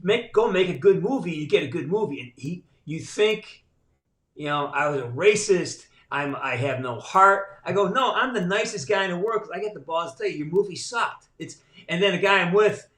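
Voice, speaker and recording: A man's voice: high voice, lively intonation, moderate pace, bright, forceful tone. A middle-aged man talking as a podcast guest, a blunt and profane storyteller. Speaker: guest voice actor. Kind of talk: casual podcast conversation. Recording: roomy echo.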